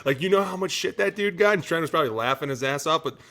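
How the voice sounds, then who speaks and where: Male co-host, former lineman, forceful bright tone, animated and crude. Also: on the high side, quick pace. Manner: animated, profane, acts out voices. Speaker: former NFL offensive lineman, podcast co-host. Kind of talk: casual sports chat.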